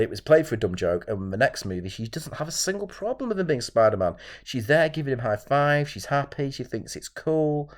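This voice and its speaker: A man's voice: on the low side, a little mellow. A man hosting his own channel, ranting solo to camera in an exasperated, repetitive way. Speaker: channel host reviewing films.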